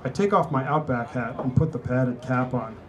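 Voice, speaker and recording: A man's voice: mid-range voice, expressive, normal speed, muffled recording. A man, an author, reading his novel aloud in a wry, conversational storytelling manner at a book party. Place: indoor venue at a book party.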